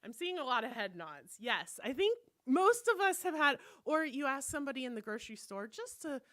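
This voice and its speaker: Woman minister, conversational sermon, higher voice, dry close sound, acts out quoted lines. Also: very animated, fairly quick, pushed and bright, no room sound. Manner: candid storytelling, acting out quoted voices.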